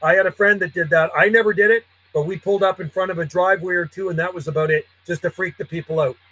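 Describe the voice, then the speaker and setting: High-voiced man calling on radio. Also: steady tone, quick pace, sharp tone, rough recording. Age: 50s. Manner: friendly, chatty, repeats call signs. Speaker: CB radio operator. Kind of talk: casual radio calls and chat. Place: home radio room.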